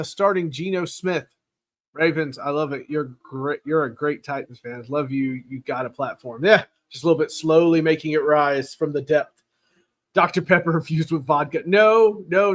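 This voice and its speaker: A man hosting a casual live football chat, rambling and excitable, reading viewer comments aloud, his throat raw from cheering. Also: a little high. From Tennessee. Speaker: podcast host.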